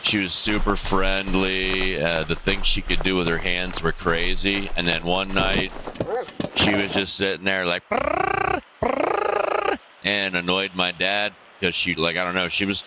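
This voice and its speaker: Deep-voiced man chatting on a game stream. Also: little pitch movement, normal speed. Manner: rambling, many fillers and restarts. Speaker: gaming streamer. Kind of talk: casual live-stream chat. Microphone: gaming headset. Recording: gaming headset mic with clear background noise.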